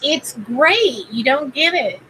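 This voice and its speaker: A woman's voice: high voice, lively intonation, slow, pushed and bright, slight background noise, low-quality recording. A woman hosting a casual livestream and doing card readings, rambling with plenty of fillers and greeting viewers by name. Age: adult parent.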